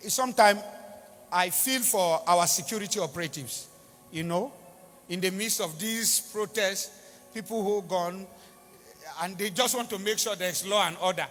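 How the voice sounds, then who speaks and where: A man's voice: high voice, normal speed, a bit bright. A man with a Nigerian accent preaching a sermon in a church, pleading and repeating for emphasis. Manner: impassioned, pleading, repetitive emphasis. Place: large church hall. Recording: reverberant church hall with music.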